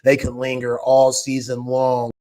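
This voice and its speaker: A man hosting a casual sports talk show, laid-back and quick to laugh. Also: medium pitch, monotone, warm tone.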